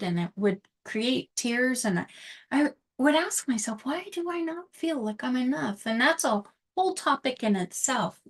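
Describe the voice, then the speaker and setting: A woman's voice: fairly high pitch, husky. A middle-aged woman host talking casually about books and self-worth in an earnest, reflective and confiding way.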